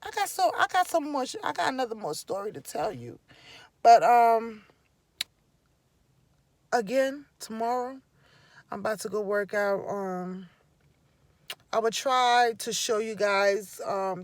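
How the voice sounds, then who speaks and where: A new vlogger chatting casually to the camera, rambling with fillers and trailing off softly. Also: mid-range voice, no room sound.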